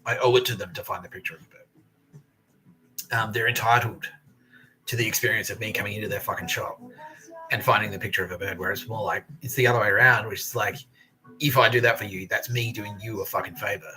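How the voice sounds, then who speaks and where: A man's voice: on the low side, steady tone, fast, bright, forceful tone, low-quality recording. A man, hosting a podcast and telling stories in a profane, aggrieved rant. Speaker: podcast host. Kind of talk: casual monologue storytelling.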